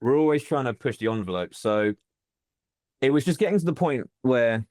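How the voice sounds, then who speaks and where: A man's voice: medium pitch, expressive, moderate pace, a little mellow, no room sound. A man, a wrestling promoter guest, chatting enthusiastically in a casual interview over a video call and rambling with restarts.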